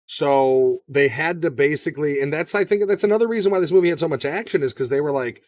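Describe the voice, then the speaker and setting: A man's voice: fairly high pitch, quick pace, few pauses, dry recording, distant mic. Male podcast co-host, casual and profane, dry sound, sits slightly back from the mic. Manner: profane, animated, does shouted impressions. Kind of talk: casual movie discussion.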